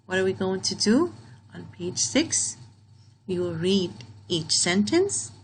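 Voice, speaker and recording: A woman teaching a grammar lesson to young pupils, speaking slowly and patiently and repeating key phrases. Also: mid-range voice, creaky, slight background noise, poor audio. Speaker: primary school teacher.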